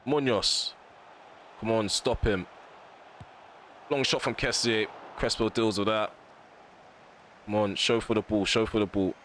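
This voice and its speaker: A man's voice: fairly low pitch, a little slow, pauses often, a little hiss or hum. A man commentating live on a football video game, ranting at his players and the referee and bursting out when chances come. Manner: excitable bursts at chances and goals. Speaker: gaming commentator.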